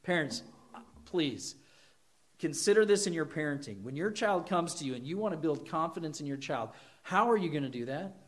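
A man's voice: fairly high pitch, expressive, moderate pace. A man preaching a sermon in an earnest way, asking the congregation questions and acting out little quotes. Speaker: pastor.

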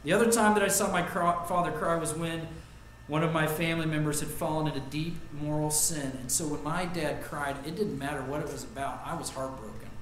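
A man preaching a sermon as pastor, earnest, rising to loud emphasis and dropping to quiet reflection. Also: fairly high pitch. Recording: echoey room with faint ambient noise.

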